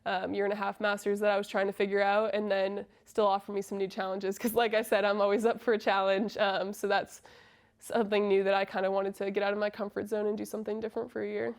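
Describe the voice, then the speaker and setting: A woman's voice: mid-range voice, level tone, fast. A young woman in her twenties from Massachusetts, a college soccer player answering interview questions in a friendly, casual way with many fillers. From Massachusetts, USA. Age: 20s.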